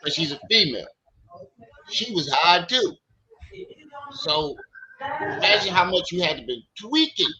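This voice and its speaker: Bright-voiced man mocking a story. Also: sits high, big pitch swings, a little slow, pauses often, poor audio. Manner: mocking, incredulous, laughing retelling. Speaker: stream host. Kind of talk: casual commentary.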